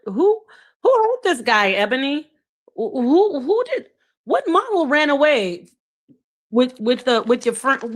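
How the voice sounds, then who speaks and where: Woman, middle-aged, livestream commentary, blunt and sassy, animated outbursts. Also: fairly high pitch. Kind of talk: livestream commentary reading chat.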